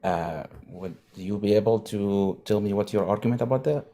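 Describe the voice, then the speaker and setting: Deep mellow-voiced guy from pennsylvania, 30s, calling in, lots of uhs. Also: moderate pace. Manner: hesitant, many uh fillers. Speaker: caller. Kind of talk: call-in debate.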